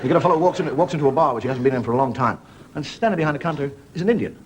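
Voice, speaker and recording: Wry storytelling man, lively pitch. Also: rapid-fire, slight background noise. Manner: dry, wandering anecdotes with put-on voices for characters. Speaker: comedian host. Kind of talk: stand-up storytelling monologue. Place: television studio before a live audience.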